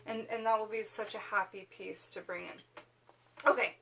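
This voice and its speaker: A woman's voice: medium pitch, steady tone, measured pace, vocal fry, a bit bright, a little hiss or hum. A woman hosting a witchcraft video, chatting casually to camera in a rambling way with lots of fillers.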